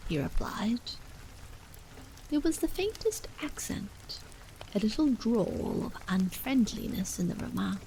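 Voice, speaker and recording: Woman, whispered role-play bedtime story, slow and soft, lilting pitch, faint rain behind. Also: big pitch swings, gravelly, a little hiss or hum, low-quality recording.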